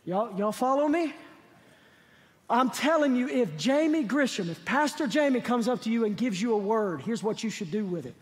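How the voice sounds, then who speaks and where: A pastor with a very high male voice preaches in a church, moving between easy, chatty storytelling and fervent emphasis. His words ring out into a long hall reverb. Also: lively intonation, normal speed. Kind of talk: sermon. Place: church sanctuary.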